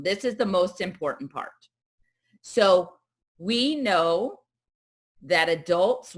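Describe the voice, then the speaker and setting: A middle-aged woman presenting at a parent wellness event, telling stories and acting out the voices of the people in them. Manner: animated, acts out quoted voices with big jumps in pitch. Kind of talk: lively talk with acted-out scenes.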